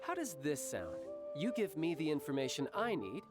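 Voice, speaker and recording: A man voicing a confident young agent who speaks smoothly and teasingly. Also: fairly high pitch, wildly swooping pitch, normal speed, loud music behind the voice. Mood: sly.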